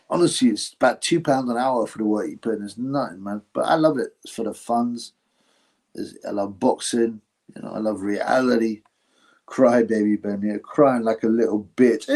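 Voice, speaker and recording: A man reads viewer comments on his casual livestream and answers them as host, rambling and blunt, swearing and calling everyone bro. His voice is mid-range and a little mellow.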